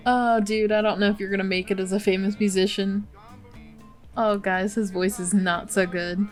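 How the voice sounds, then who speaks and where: A woman's voice: medium pitch, level tone, moderate pace, soft background music. A woman hosting a Let's Play, giving casual, chatty gameplay commentary full of exclamations and laughter.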